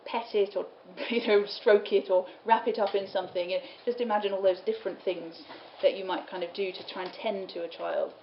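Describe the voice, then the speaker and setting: A woman's voice: mid-range voice, fairly even intonation, brisk, few pauses. A woman giving a lecture at a study day, explaining medieval poems and reading lines aloud, with an easy laugh now and then. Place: lecture room. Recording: roomy, dull, with faint room noise.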